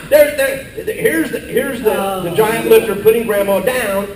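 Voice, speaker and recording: An older man performing a corny comedy slide show for a live audience, narrating and yelling out quoted lines. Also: extremely high pitch, unhurried, over a noisy crowd. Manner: corny storytelling with exaggerated yelled quotes. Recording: echoey live hall from far off with audience.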